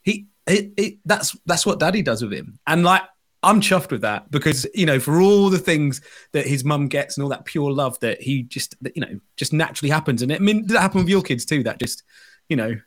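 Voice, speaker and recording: A man, a co-host telling animated stories in a casual chat about being a father. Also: a little high, a little fast. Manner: animated, chatty storytelling with restarts.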